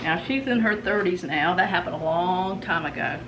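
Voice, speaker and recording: A woman's voice: on the low side, normal speed, recorded from a distance, noisy background. A middle-aged woman, chatting folksily with viewers and telling a family story while she cooks. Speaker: vlogger. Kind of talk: casual storytelling while cooking. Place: home kitchen.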